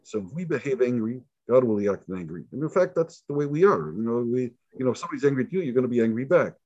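A fast-talking man with a mid-range voice, recorded dry and dull in lo-fi. He's a rabbi leading a casual Torah lesson, animatedly telling stories, voicing the dialogue, and circling back to the same words many times.

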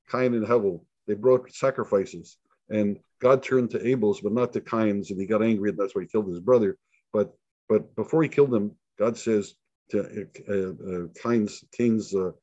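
A fairly low-pitched man's voice with no echo, captured in dull lo-fi sound. He's a rabbi giving an informal Torah lesson, an animated storyteller who acts out the dialogue and repeats himself a lot.

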